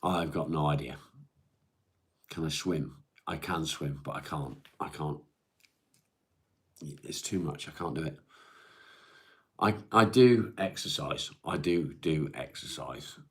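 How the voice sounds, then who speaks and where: A middle-aged man hosting a live stream, chatting in a weary, halting way with many restarts. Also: a bass voice, breathy edge. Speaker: live-stream host reading viewer comments. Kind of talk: casual chat.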